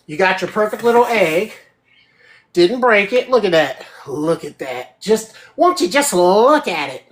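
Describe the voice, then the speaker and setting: A woman hosting a casual live cooking demo from her home kitchen, chatty and checking in with her viewers as she goes. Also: lowish voice. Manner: chatty, keeps checking in with 'right?'. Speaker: host of a home cooking show.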